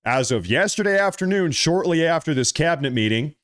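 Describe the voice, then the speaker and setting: A man hosting a political commentary vlog, talking in a mocking, animated way and drawing out his emphasis. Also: fairly high pitch, fairly quick.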